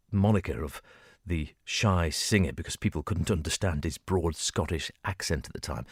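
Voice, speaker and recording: A man's voice: sits low, dry recording. A man presenting a radio music show in a studio, chatty and digressive, chuckling as he goes. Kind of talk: casual music-show chat.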